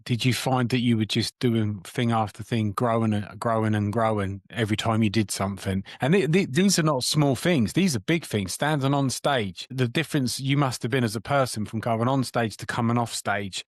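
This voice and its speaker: Male interview host with halting, repetitive questions, mid pitch, dry recording. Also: no room sound. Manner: halting, repeats words while framing questions. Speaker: podcast host.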